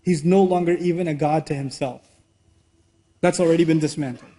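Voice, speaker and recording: High-voiced animated male preacher. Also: brisk. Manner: animated, rhetorical questions and acted-out dialogue. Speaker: Islamic teacher. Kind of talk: lecture sermon.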